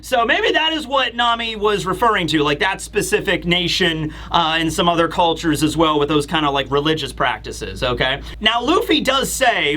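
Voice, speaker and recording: Male host of a manga review channel: high, bright voice, animated recap style. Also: moderate pace, hardly any pauses. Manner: animated, acts out scenes with voices and laughs. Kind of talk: casual video commentary.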